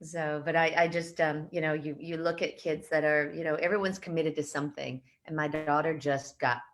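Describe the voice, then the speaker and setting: A woman's voice: low voice, fairly even intonation, moderate pace. A middle-aged woman co-hosting a radio talk show, telling chatty stories and laughing often. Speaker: radio co-host. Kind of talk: casual chat.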